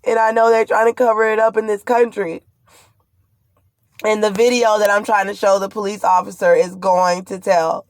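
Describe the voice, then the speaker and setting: In a distressed personal account to camera, a pregnant vlogger describes a frightening ordeal in an urgent, rambling and fearful way. She has a mid-range voice with a flat delivery at normal speed, and there is no echo.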